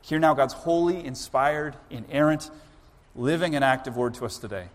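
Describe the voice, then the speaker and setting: A pastor in his thirties preaching a sermon in a church, building to loud, impassioned pleading prayers. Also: mid-range voice, moderate pace. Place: church sanctuary. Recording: long reverb of a large church hall.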